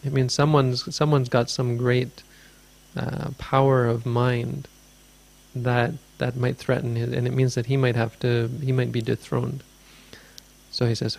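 A man's voice: medium pitch, flat delivery, unhurried, creaky, darkish tone. A man teaching as a Buddhist teacher, answering a question in a dharma talk with meandering, thoughtful storytelling.

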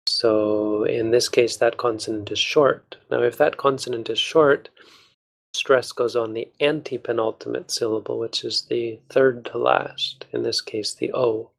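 A male monk guides a study group through a text, speaking in a patient, measured way. His voice has a gravelly fry and stays flat in pitch. He pauses and restarts as he works through each point. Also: poor audio. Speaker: Buddhist monk teacher.

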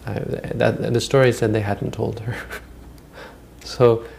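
A man's voice: mid-range voice, level tone, slow pace, gravelly, a little mellow, slight background noise. A man giving a Buddhist dharma talk, retelling old stories in a rambling, conversational way with frequent restarts. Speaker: Buddhist teacher.

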